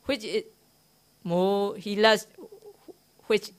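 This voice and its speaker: Monk giving a dharma talk; a slow, unhurried man with a smooth voice, broken English, questions the room. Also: high voice, steady tone. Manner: simple broken English, often asks the listeners questions; tells a teaching story, repeating key words. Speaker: Buddhist monk teaching meditation. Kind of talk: dharma talk to a live audience. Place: meditation centre hall.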